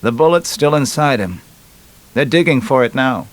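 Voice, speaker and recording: A man's voice: mid-range voice, lively intonation, moderate pace, pitched above the performer's own voice, close to an everyday voice. A man voicing a grim male police officer giving a clipped, somber report.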